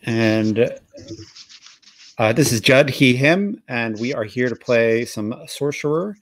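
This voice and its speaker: A man with a New Jersey accent, hosting a live tabletop game and recapping the story in a halting, self-correcting way with easy laughs. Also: medium pitch, no room sound. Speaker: game master. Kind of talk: casual actual-play narration.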